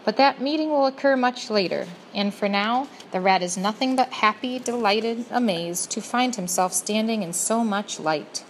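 Gently expressive woman reading a storybook. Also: on the high side, normal speed, hardly any pauses, a little hiss or hum, poor audio. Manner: addresses the listener directly, gently expressive. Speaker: audiobook narrator. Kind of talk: storybook narration.

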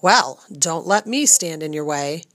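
A woman voicing a stout, middle-aged female castle cook who is gruff but kind and talks in rustic, folksy grammar. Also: low voice, lively intonation, a little slow, a bit bright, no room sound. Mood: amused.

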